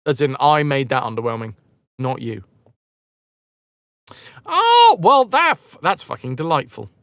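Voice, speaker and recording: A man's voice: a little high, sing-song, a little slow, a bit bright, dry recording. A man live-streaming a game, chatting casually with viewers in a rambling, self-mocking way and swearing freely.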